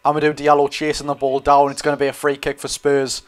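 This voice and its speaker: In a monotone, quick-paced voice on the high side, a young Geordie streamer chats through a football match live. He reacts to what happens on the pitch and reads out messages from his viewers, answering them.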